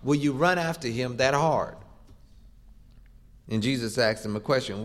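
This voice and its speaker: A man's voice: mid-range voice, a little slow. A middle-aged man preaching a sermon, emphatic and rhythmic, leaning on repeated phrases and rising for stress.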